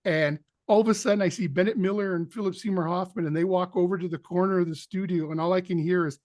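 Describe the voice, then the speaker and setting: Animated male storyteller. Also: sits high, fast talker, no echo, clean studio sound. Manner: animated anecdote teller, acts out quotes. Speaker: actor guest. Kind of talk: storytelling in an interview.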